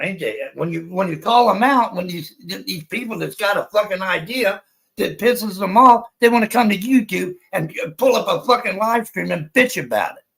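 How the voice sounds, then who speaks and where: A man's voice: high-pitched, creaky, a bit bright, poor audio. A man, ranting angrily on a livestream and swearing constantly. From United States. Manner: profane and heated, swears constantly. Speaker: livestream panelist. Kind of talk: angry livestream rant.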